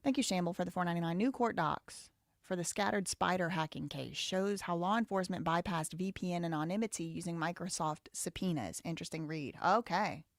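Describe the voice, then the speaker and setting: A Southern US woman hosts a live stream, reading super chats and offering blunt, outspoken commentary, her voice climbing loud and high when she gets heated. She talks fairly quickly, and the recording is dry with clean studio sound.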